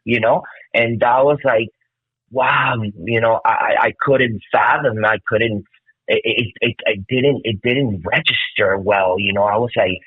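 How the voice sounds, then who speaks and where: A man's voice: lowish voice, fairly even intonation, unhurried, breathy edge, no room sound. A man in his fifties telling stories as an interview guest, emotional and profane, heard over a tinny phone-like line. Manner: emotional, profane, keeps saying "bro". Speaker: guest musician. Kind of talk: casual interview storytelling.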